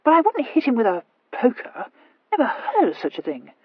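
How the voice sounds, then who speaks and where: A woman voicing a tipsy, blustering young Regency viscount who talks loud and blunt. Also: high voice, huge pitch swings, a little fast, husky, no room sound, highs cut off, voice pushed up, heavily acted.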